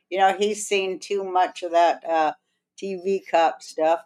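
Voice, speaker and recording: A woman's voice: fairly low pitch, fairly even intonation, unhurried, a little mellow, poor audio. A woman hosting a podcast, telling a long rambling anecdote in casual chat and acting out other people's lines as she goes. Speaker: podcast host.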